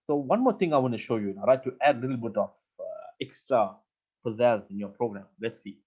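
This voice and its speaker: A man's voice: medium pitch, expressive, fast, breathy edge. A man teaches an online coding class, patiently walking through each step and circling back over his words. His voice sits in an ordinary middle register. The sound is thin and tinny, like a phone line. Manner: patient, step-by-step explaining, often repeats words. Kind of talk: live online coding lesson.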